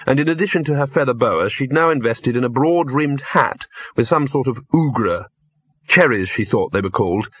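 A man narrating an audiobook in a steady, dry storytelling manner. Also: mid-range voice, husky, no echo. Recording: dull lo-fi dry recording.

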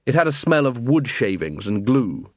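Male audiobook narrator, lively pitch, husky, dry booth sound. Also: normal speed, no room sound. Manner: animated storytelling with many character voices.

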